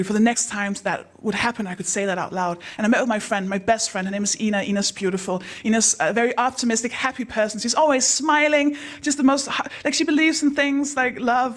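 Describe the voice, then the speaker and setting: A woman hosting a live storytelling night, telling self-mocking stand-up jokes with punchy deadpan timing. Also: on the high side, quick pace, hardly any pauses. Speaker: host and stand-up comedian. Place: live stage before an audience.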